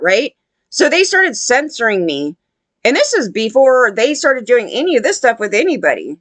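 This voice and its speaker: A woman's voice: on the high side, fairly bright tone, no room sound. A woman ranting to her viewers in a blunt, profane, rambling way, often restarting her sentences. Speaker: vlogger. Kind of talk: unscripted rant to camera.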